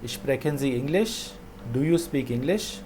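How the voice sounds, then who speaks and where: A man teaching a language lesson, saying each phrase slowly twice and then explaining it. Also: mid-range voice, lively intonation, a little mellow, a little hiss or hum.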